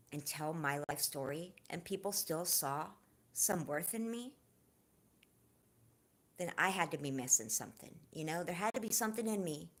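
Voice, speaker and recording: A woman hosting a casual livestream, talking earnestly and personally to her viewers, then chatting and laughing with the chat. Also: on the low side. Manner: heartfelt, confiding, warm toward viewers; lively, laughing, joking with chat. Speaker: livestream host.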